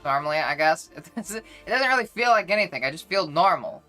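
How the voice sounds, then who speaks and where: A woman's voice: on the low side, lively intonation, brisk, bright, forceful tone, soft background music. A woman streamer chatting casually with her viewers, rambling along with many restarts.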